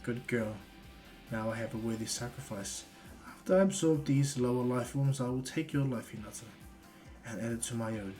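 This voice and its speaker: A man voicing a cruel alien villain in a low, quiet, menacing voice. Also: normal speed, soft background music, close to an everyday voice.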